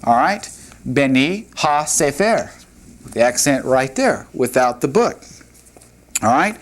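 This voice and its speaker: Slow, patient male Hebrew teacher. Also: medium pitch, a little hiss or hum. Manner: slow, patient, sounds out words. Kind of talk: classroom lecture.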